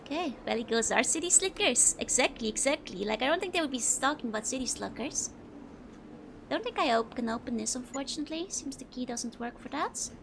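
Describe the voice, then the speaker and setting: A woman's voice: sits high, animated, fairly quick, creaky, noisy background. A young Dutch woman with a Dutch accent, chatting casually and giggling as she streams a game and answers her chat. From Netherlands.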